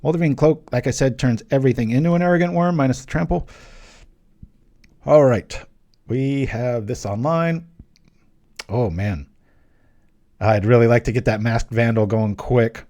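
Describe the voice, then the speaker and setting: A young man with a warm, medium-pitched voice hosts his channel, giving casual live commentary as he plays a card game. He thinks aloud, tossing in quick jokes and little exclamations.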